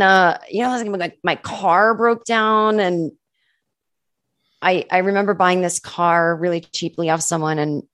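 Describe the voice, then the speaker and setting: A woman's voice: lowish voice, no echo, clean studio sound. A woman comedian, a podcast guest, telling stories in casual chat, full of "like" and acting out what people said. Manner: chatty, fills speech with "like", acts out quoted people. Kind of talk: casual podcast interview storytelling.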